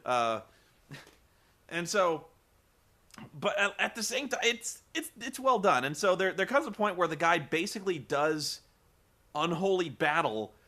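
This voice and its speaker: A man's voice: sits high, animated, measured pace, long pauses, pushed and bright. A man giving a comedic film review in a rambling, profane way, full of fillers.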